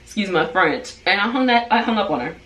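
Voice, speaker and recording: A woman in her twenties telling a story in a casual vlog, animated and full of fillers. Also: mid-range voice, fairly quick. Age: 20s. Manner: animated, chatty, filler-heavy. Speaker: vlogger. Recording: roomy sound, far from the mic.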